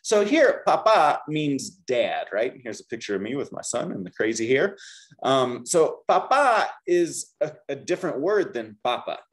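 Leading students in call-and-repeat drills, an upbeat man teaches beginner Spanish in a classroom. His voice is medium-pitched and sing-song, and he speaks at normal speed.

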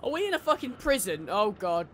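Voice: mid-range voice, sing-song, brisk, fairly bright tone, slight background noise. A gamer giving casual, jokey commentary while playing, laughing and swearing often. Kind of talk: casual let's-play commentary.

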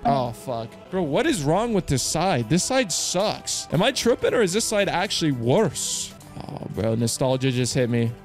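Excitable slangy male streamer. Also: fairly high pitch, normal speed, few pauses, faint music behind. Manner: loud outbursts, swearing, slangy banter addressing viewers. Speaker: slots streamer host. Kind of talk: excitable live commentary to viewers.

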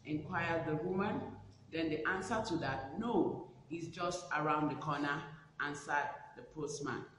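A man leads a spelling lesson, voicing each word with slow, careful deliberation. His voice sits slightly high. The recording carries a long, roomy reverb and a faint hiss. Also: bright, forceful tone. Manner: slow, deliberate pronunciation drill. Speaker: teacher. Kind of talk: reading a spelling lesson aloud.

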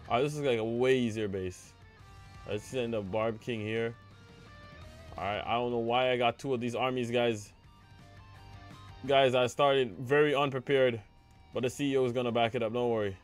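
A young man commenting on a game as he plays it live, speaking at a middling pitch and addressing his chat the whole way through. He swings easily into loud, excited outbursts when a move fails. Faint music plays quietly beneath his voice. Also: moderate pace, pauses often. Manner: excitable, talks to chat, cries out when things go wrong. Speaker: game streamer.

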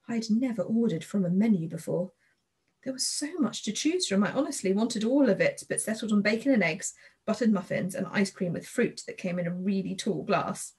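A woman narrating a children's novel in the first person, reading in a gentle, measured and expressive way. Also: mid-range voice, breathy edge. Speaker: audiobook narrator.

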